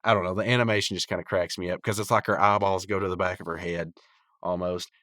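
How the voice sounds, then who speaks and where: Rambling low-voiced man recapping casually. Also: flat delivery, quick pace, fairly bright tone, dry recording, studio quality. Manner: rambling, chatty, many "like"s and restarts. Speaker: podcast host.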